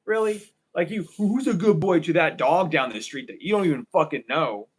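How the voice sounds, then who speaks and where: A man with a fairly high voice giving a loose, casual tarot reading straight to his viewers. He rants freely and swears often as he talks. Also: animated, moderate pace, husky, rough recording. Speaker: tarot reader.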